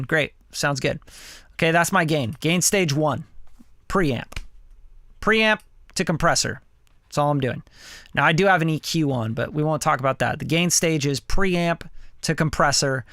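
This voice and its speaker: A man walks through his studio vocal setup in a loose, chatty way, with a smooth and resonant tone sitting a touch higher than most men's. His voice comes close and dry through a studio mic, with no room around it. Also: normal speed, a bit bright, no room sound. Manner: loose, conversational, repeats mic checks, occasional swearing. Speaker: studio engineer and host. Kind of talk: casual hands-on studio demo. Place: home recording studio. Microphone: studio vocal mic through preamp and compressor.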